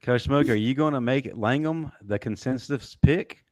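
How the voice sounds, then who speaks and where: A man's voice: mid-range voice, normal speed. A man co-hosting a sports talk show, teasing his co-hosts in a mock-formal way. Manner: dry, teasing moderator. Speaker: podcast co-host.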